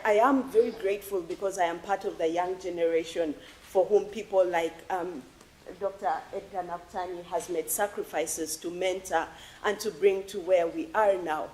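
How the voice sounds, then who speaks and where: Earnest woman from Uganda, low voice. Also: a little mellow, slight background noise, rough recording. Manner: earnest, emotional, with halting restarts. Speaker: audience member asking a question. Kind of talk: spoken question at an academic forum. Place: large lecture hall.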